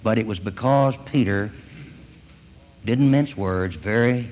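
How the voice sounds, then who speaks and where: A man's voice: lowish voice, takes it slowly, a little mellow, a little hiss or hum. A man preaching a sermon in a folksy, storytelling way, often adding "you see". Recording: long hall reverb.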